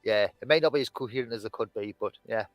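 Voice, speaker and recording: A man's voice: lowish voice, quick pace, no room sound, soft background music, poor audio. A man talking as a guest in an unscripted conversation, rambling and restarting his thoughts. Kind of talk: casual conversation.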